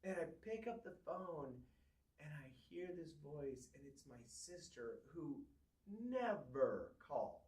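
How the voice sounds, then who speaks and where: A man co-hosting a podcast, telling a personal story in a candid, halting way with many restarts. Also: on the high side, sing-song, a little mellow. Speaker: podcast co-host. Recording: echoey room, far from mic.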